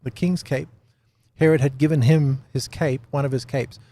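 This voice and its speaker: A man's voice: mid-range voice, steady tone, normal speed, dark tone. A man teaching scripture in a casual, chatty way, often laughing and checking in with "right?". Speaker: Bible teacher.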